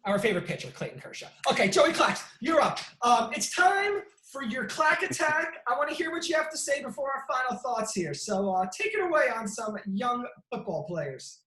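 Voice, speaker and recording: Animated male sports show host. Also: very high voice, normal speed, few pauses, roomy sound, poor audio. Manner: animated storyteller, frequent restarts. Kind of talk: casual sports debate.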